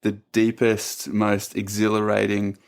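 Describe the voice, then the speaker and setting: A man hosting a podcast who speaks in an appreciative, thoughtful way, pausing a little as he searches for words. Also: fairly low pitch, completely flat delivery, gravelly, clean tone. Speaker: podcast host. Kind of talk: casual interview chat.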